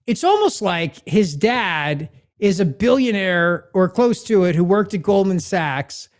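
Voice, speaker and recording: Talk show host guy, kinda high voice, sarcastic, mocking, fed up. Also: expressive, measured pace. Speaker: podcast host. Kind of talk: political talk show banter.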